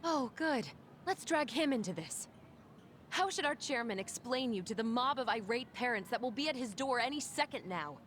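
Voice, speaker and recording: A woman's voice: on the high side, lively intonation, normal speed, fairly bright tone, slight background noise. An actress playing a stern, indignant woman school official who speaks in a cutting, scolding way.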